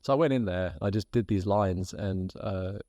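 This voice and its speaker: Brief: British male guest, lowish voice, dry close sound, animated storyteller. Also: normal speed, dry recording. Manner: lively storyteller who acts out quoted voices and laughs as he tells. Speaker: podcast guest, actor. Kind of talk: casual anecdote telling.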